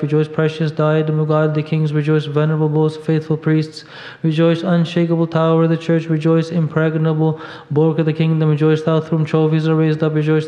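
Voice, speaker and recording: A man recites long liturgical hymns in a flat, unvarying monotone, his voice dark and mellow. The sound is dull and muffled, with a long reverb rolling through a large church. He keeps a steady devotional recitation and now and then stumbles over a word. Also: on the high side. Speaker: reader at a monastery service. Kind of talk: liturgical reading of a hymn. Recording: dull echoey church audio.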